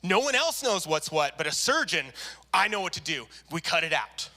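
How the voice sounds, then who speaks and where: A man preaching a sermon to a church, telling a personal story with lively acted-out voices. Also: fairly high pitch, normal speed, a little hiss or hum. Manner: animated storyteller, acts out quoted voices. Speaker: pastor. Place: church service.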